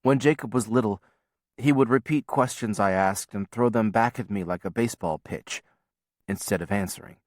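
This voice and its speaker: A man reading a novel aloud as first-person audiobook narration, in a measured, quiet storytelling manner. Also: on the low side, no echo, clean studio sound.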